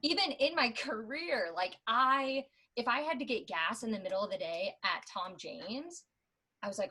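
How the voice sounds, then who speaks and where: A woman's voice: fairly high pitch, animated, unhurried, sharp tone, breathy edge, rough recording. A woman on a podcast, chatting casually about selling books door to door, with lots of "like" fillers. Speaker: podcast guest, former door-to-door book seller. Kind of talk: casual storytelling chat.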